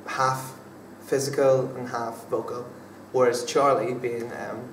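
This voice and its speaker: In an echoey room, recorded from far away over faint background noise, a young adult drama student gives casual, hesitant interview answers with lots of fillers and restarts. His mid-range voice is flat and his pace measured.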